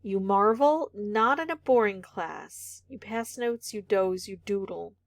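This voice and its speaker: A woman's voice: medium pitch, slow, dry recording, clean studio sound. A woman vlogger thinking aloud as she solves a word puzzle, muttering candidate words, some half-whispered, and second-guessing herself.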